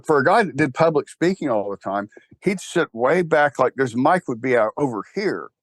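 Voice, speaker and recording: An older man with a Texas drawl, a guest on a casual interview who founded a church, tells his stories in a loose, meandering way. His humor is wry and self-deprecating, with bursts of animation at a moderate pace and a middling pitch. The sound is close and dry, without any room echo.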